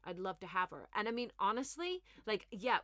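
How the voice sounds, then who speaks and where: A woman's voice: mid-range voice, brisk, no room sound, studio quality. Sarcastic woman ranting about the news. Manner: animated, sarcastic, ranting asides. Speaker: comedian host. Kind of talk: comic news commentary.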